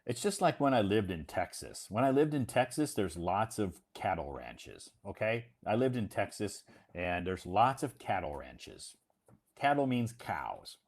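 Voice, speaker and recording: A man's voice: lowish voice, sing-song, unhurried, husky. A man from Iowa, casually talking to English learners in a spoken lesson, repeating phrases and checking understanding with "okay?". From United States, Iowa.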